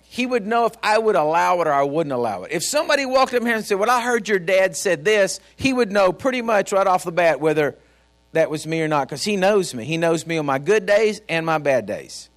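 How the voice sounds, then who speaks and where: A man's voice: sits high, expressive, fairly quick. A man preaching a sermon as a pastor, folksy and storytelling, speaking directly to his congregation. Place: church.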